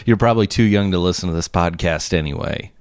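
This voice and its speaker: A man's voice: low-pitched, brisk, dry recording. A man co-hosting a casual comedy podcast, teasing and laughing often. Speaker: podcast co-host.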